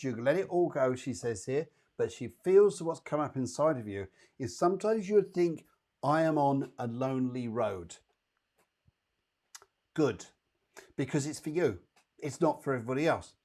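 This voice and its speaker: A man's voice: fairly high pitch, animated, moderate pace, warm tone. A man hosting a psychic show, giving chatty, reassuring mini readings straight to his viewers. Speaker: psychic medium host.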